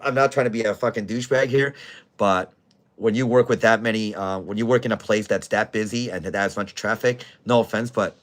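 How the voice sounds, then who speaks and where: A man who manages a bar, telling a rowdy story in blunt, profane casual talk. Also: lowish voice. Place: bar in Scranton, Pennsylvania.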